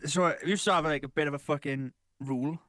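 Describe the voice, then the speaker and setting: A man's voice: fairly high pitch, fairly even intonation, fast, a bit bright, no room sound. A man co-hosting a podcast, telling rambling stories in casual chat and swearing freely. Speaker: podcast co-host.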